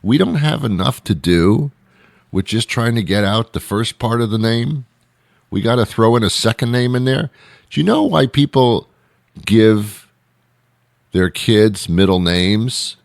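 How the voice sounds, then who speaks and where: Deep slow talk host guy, mock outraged rants, voice swings up and down a lot. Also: expressive, vocal fry, no echo, clean studio sound. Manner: rambling, sarcastic, mock-outraged. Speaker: radio host. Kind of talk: comedic monologue.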